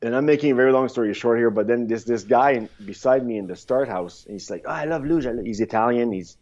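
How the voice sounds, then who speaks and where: A man in his fifties, a podcast guest, telling rambling, animated stories in a casual interview, with frequent restarts. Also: mid-range voice, quick pace. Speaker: podcast guest, former luge athlete. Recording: dull lo-fi sound.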